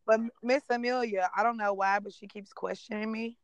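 A woman's voice: medium pitch, steady tone, normal speed, clear, resonant tone, no echo. A woman in her thirties co-hosting a casual chat from her car, blunt and profane, laughing often. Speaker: podcast co-host.

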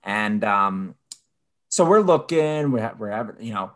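Man, podcast co-host, casual chat, animated storyteller, low voice. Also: unhurried. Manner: animated storyteller, mimics people in high voices.

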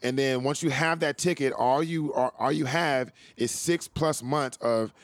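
A man's voice: medium pitch, a little slow, dry recording. Laid-back American man, dry sound. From California. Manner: loose, profane, laughs often. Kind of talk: casual chat.

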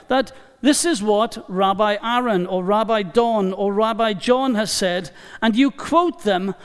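A man preaching a sermon in a church, emphatic and deliberate, repeating key phrases for weight. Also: high voice, clear, resonant tone. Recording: long reverb of a large hall.

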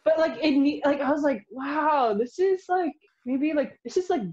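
A woman's voice: high voice, normal speed, warm tone, muffled recording. A laid-back woman co-hosting a casual podcast, repeating herself as she thanks the guest. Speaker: podcast co-host.

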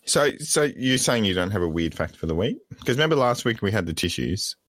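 A man's voice: lowish voice, very animated, a little fast, a bit bright. A man co-hosting a podcast in casual chat, teasing and swearing. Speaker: podcast co-host.

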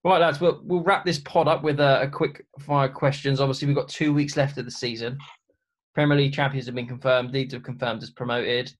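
A man hosting a casual football podcast, chummy and quick with banter. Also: mid-range voice, steady tone. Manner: chummy, brisk, banter-heavy. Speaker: podcast host. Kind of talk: casual chat.

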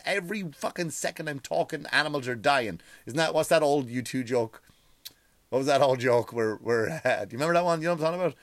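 A man's voice: a little high, a bit bright, dry recording. A man, a comedian hosting his own show, delivering a heated, profane solo rant with lots of repeated words. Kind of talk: ranting solo monologue.

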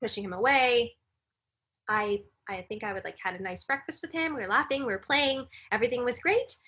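A woman guest on a casual podcast chat, telling a personal story in an animated way and acting out the lines of others. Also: on the high side, a little fast, husky. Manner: animated storyteller, acts out quoted dialogue. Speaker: podcast guest, breathwork facilitator.

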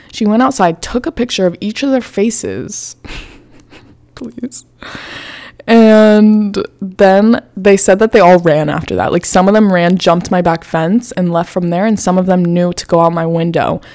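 A woman's voice: lowish voice, steady tone, moderate pace, darkish tone. A woman in her twenties, a podcast host casually telling a story with lots of fillers and swearing.

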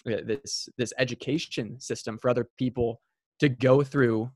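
A man's voice: medium pitch, fairly even intonation, moderate pace, a little hiss or hum. Affirming male podcast host. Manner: affirming, enthusiastic. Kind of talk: casual interview chat.

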